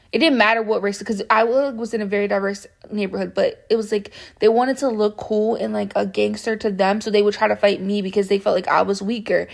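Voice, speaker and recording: A soft-spoken young woman with a bubbly manner, rambling through a casual storytime with lots of fillers. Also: mid-range voice, gravelly. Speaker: vlogger.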